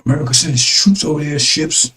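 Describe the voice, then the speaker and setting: A man's voice: fairly high pitch, fairly quick, pushed and bright, low-quality recording. A man preaching in a rambling, emphatic sermon, repeating words and addressing his listeners as brothers and sisters. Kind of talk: sermon broadcast commentary.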